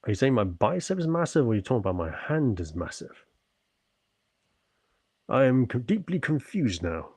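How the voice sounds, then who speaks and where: A man's voice: mid-range voice, sing-song, normal speed, long pauses, a little mellow, husky, dry recording. A man from the UK chatting on his livestream, answering viewers politely and earnestly after a stretching session. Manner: polite and earnest, often thankful; talks while stretching and working out.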